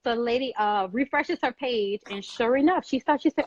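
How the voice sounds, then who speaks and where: Animated woman telling a story, higher voice. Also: fairly quick, hardly any pauses, no echo, muffled recording. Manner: animated, acts out other people's voices in quotes. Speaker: guest on talk show. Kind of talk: casual storytelling.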